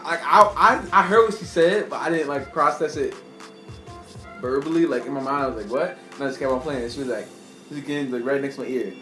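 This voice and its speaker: A young man telling a casual storytime to his camera, rambling and laughing often, with slang. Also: medium pitch. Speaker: vlogger. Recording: echoey room with faint music.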